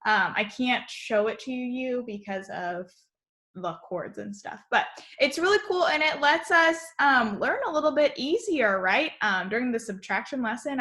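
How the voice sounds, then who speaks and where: A young woman teaching young children in a remote lesson, speaking in a slow, sing-song teacher voice. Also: on the high side, bright, forceful tone. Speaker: kindergarten teacher.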